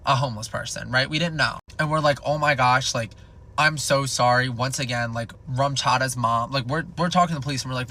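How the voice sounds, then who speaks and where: A young man telling a comedic storytime in a casual, rambling, profane way, packed with "like". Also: medium pitch. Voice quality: gravelly fry. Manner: rambling, profane, animated, filled with "like".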